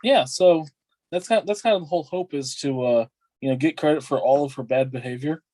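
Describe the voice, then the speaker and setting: A man's voice: fairly high pitch, brisk, darkish tone, dry recording. A man chatting casually and playfully with friends. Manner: playful, laid-back. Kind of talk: casual chat.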